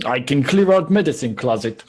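Guy playing a gruff barkeep, short and clipped, no patience. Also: medium pitch, expressive, normal speed, darkish tone. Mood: blunt. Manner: curt, clipped phrasing.

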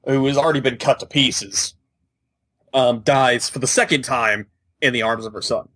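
A man's voice: mid-range voice, moderate pace, fairly bright tone, no echo. A man co-hosting a casual video game podcast, emphatic and argumentative, sure of his points. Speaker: podcast co-host. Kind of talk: casual chat about video games.

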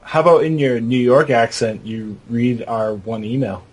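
Husky deadpan podcast co-host man. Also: mid-range voice, moderate pace. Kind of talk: comedic podcast banter.

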